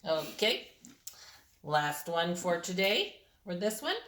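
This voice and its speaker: A woman's voice: on the low side, sing-song, takes it slowly, a bit bright, reverberant, slight background noise. A woman teaching a young child to spell simple words, patient and encouraging, sounding out letters one by one.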